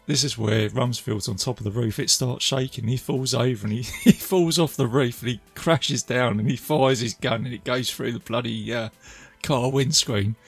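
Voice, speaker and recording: A man's voice: medium pitch, gravelly, fairly bright tone, breathy edge. A man casually retelling a film's scenes, chatty and laughing as he goes. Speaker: film reviewer. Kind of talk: casual film recap.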